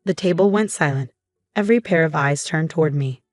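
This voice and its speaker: A woman narrating a first-person story in an even, measured reading voice. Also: deep voice, no echo, clean studio sound, soft background music.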